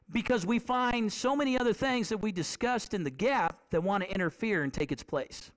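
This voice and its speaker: A male preacher with a high voice that swings widely as he preaches. He talks to the congregation like in a conversation, keeps asking them questions and repeats phrases for emphasis. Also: normal speed, few pauses. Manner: animated, conversational, asks the congregation rhetorical questions. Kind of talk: sermon.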